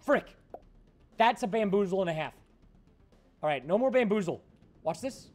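A man with a high-pitched voice talks through a game on a casual livestream. He is excitable and jokey, and shouts when frustrated. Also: normal speed, faint music behind. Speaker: gaming livestreamer. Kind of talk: casual gaming livestream commentary.

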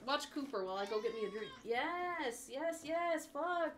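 A woman's voice: sits high, expressive, moderate pace, slight background noise. A woman streaming a game from home on a headset, chatting casually, swearing often and talking to her pets. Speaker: gaming streamer. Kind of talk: casual livestream chat.

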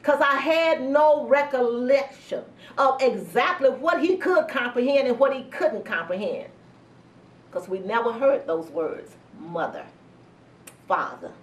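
A middle-aged woman pastor giving a sermon testimony, telling a personal story slowly and earnestly with heartfelt pauses. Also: high voice, expressive, lo-fi sound. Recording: roomy sound from a distance.

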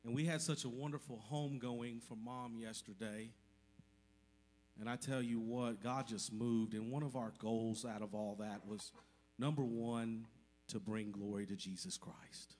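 A man's voice: medium pitch, steady tone, measured pace, darkish tone. A man giving an emotional, grateful testimony to his church congregation during a service. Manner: emotional, grateful, speaks from the heart. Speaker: church member addressing the congregation.

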